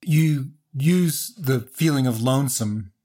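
A man's voice: medium pitch, slow, dark tone. A male host asking curious, searching questions and often rephrasing them. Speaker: interview host. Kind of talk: interview questions.

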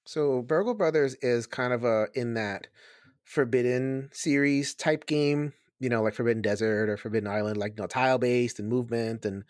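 A man's voice: mid-range voice, normal speed, dry recording, studio quality. A man co-hosting a casual podcast, enthusiastic and rambling, with frequent restarts. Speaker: podcast co-host. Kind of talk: casual chat.

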